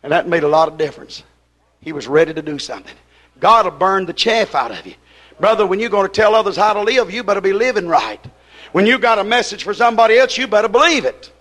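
A man's voice: sits high, expressive, quick pace, fairly bright tone. A man preaching a sermon in a folksy, emphatic way, retelling a conversation with one "I said" after another.

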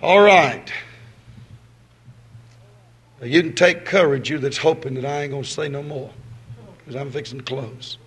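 A man preaching a sermon, folksy and swinging between loud exhortation and quiet asides. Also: medium pitch, brisk, slightly rough.

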